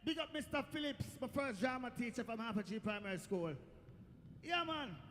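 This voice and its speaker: High-voiced Jamaican man doing stand-up. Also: normal speed. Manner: lively storytelling, loud bursts to the crowd. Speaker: stand-up comedian. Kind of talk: stand-up comedy set on a festival stage. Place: festival stage. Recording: echoey outdoor stage, faint noise.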